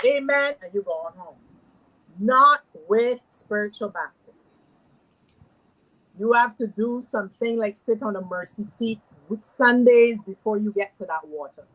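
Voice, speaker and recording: Animated woman telling her story. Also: medium pitch, low-quality recording. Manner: animated, acts out quoted voices. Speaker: spiritual medium. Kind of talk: personal storytelling in a discussion.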